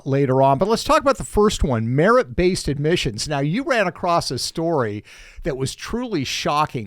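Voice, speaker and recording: A man hosts a political talk podcast, his voice sitting a little high for a man. He talks briskly and conversationally and slips in joking asides. The sound is dry and close, with no room echo. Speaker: podcast host.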